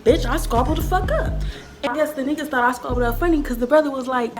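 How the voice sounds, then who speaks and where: A woman in her twenties tells a story in a casual, profane way, acting out the action with booming sound effects. Her voice sits a little high. Clear music plays behind her. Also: fast talker. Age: 20s.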